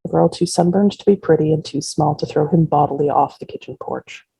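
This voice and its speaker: An author reading her first-person novel aloud in a measured, unhurried way. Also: deep voice, creaky, mellow, breathy edge, no room sound, poor audio.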